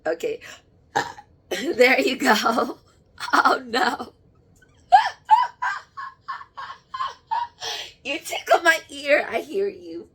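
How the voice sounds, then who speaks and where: A woman speaking in a halting, emotional monologue as she channels spirits, moving between soft murmurs and sudden exclamations. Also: fairly high pitch, big pitch swings, husky.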